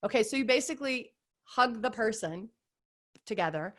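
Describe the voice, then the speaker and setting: A woman in her forties talks as a podcast guest in a casual, upbeat way. She is earnest and chatty and her voice sits fairly high. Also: expressive, moderate pace. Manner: upbeat, warm, earnest with lots of "like" and "you guys". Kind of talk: casual conversational interview.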